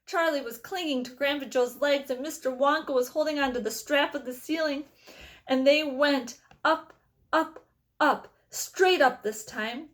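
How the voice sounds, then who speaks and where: A woman reading a children's novel aloud with expressive storytelling. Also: high voice, unhurried. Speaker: reader.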